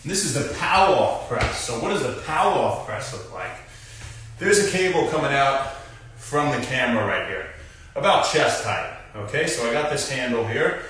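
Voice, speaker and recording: A man's voice: medium pitch, lively intonation, moderate pace, fairly bright tone, recorded from a distance, slight background noise. A young man hosting a casual exercise demonstration as a physical therapist, who coaches viewers through core moves and talks to them directly. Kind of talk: live-stream exercise demonstration. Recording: very echoey room, voice off-mic at times.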